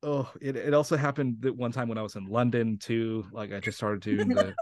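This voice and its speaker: A man's voice: mid-range voice, steady tone, fairly quick, darkish tone, no echo, studio quality. A young man from New Mexico, an actor guest talking casually in an interview, rambling with lots of fillers and frequent laughs. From Santa Fe, New Mexico.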